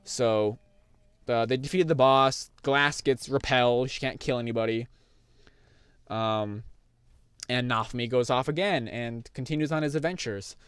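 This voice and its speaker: A man's voice: medium pitch, unhurried, fairly bright tone, clean tone, dry recording. A young man casually rambling through an anime review, full of fillers and restarts.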